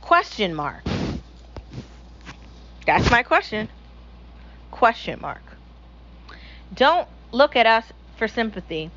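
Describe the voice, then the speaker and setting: Profane ranting woman, slightly high. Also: a bit bright, muffled recording, slight background noise. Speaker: podcast host. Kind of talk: casual opinion monologue.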